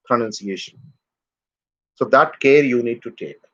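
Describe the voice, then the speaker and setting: A man teaching English pronunciation in a live online lesson, drilling words slowly for students to repeat. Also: mid-range voice, fairly bright tone, muffled recording.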